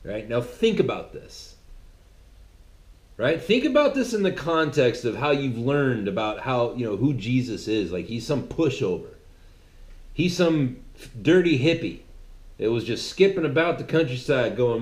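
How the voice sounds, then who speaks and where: Animated man preaching, echoey room. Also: mid-range voice, unhurried. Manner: animated, mocking, conversational. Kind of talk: sermon-like monologue. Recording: roomy echo.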